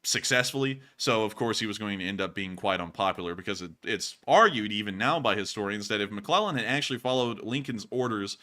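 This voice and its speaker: American male host with a bright, forceful voice, giving off-the-cuff commentary and restarting his sentences. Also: fairly low pitch, animated, a little fast, few pauses. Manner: thinks out loud with frequent restarts. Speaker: host of a war news show. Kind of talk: casual commentary.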